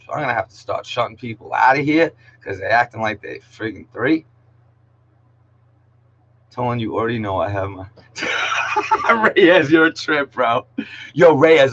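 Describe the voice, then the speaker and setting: This middle school English teacher has a medium-pitched voice that's fairly bright yet husky, heard through a muffled recording. In his online class he's relaxed and jokey, slangy, constantly saying "yo" and calling on students by name.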